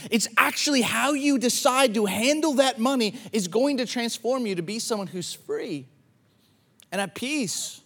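High-voiced conversational male pastor. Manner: conversational, repeats phrases, acts out quoted inner voices. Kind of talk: sermon.

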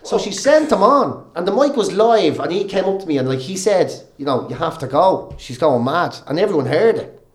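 High-pitched and moderately paced, this Irish man sounds like he's in a roomy space. A comedian and radio presenter, he laughs through lively, swear-heavy tales during an easygoing podcast chat.

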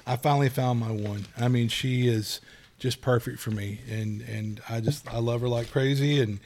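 A man's voice: mid-range voice, fairly even intonation, normal speed, a little mellow. A middle-aged man co-hosting a casual podcast, telling rambling stories and acting out the quoted dialogue. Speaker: podcast co-host.

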